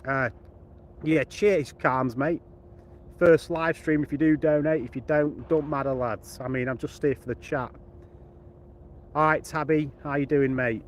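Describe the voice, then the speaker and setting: A young Midlands man talks football in a laid-back, chatty live-stream voice while out walking his dog. His voice sits a touch high, with faint outdoor ambience and passing traffic behind him. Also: fairly even intonation, measured pace. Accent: English Midlands. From England. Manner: chatty, laid-back, thanks viewers by name. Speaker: football channel vlogger. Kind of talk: casual live-stream chat.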